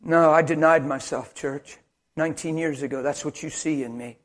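A high-pitched man delivers a sermon with fire. He builds to loud, shouted exhortations, then drops to a low, intense hush. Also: fairly even intonation, normal speed. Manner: passionate, swings from shouting to quiet intensity. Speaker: preacher.

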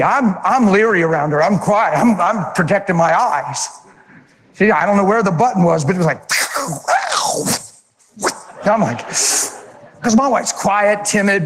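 A man preaching, telling a personal testimony in an animated, emotional storytelling manner. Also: sits high, long reverb tail. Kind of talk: sermon testimony.

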